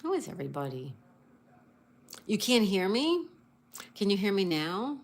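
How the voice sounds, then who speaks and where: A woman's voice: medium pitch, big pitch swings, a little slow. A woman hosting a casual livestream, greeting viewers, reading chat aloud and spelling out crossword answers. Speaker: livestream host.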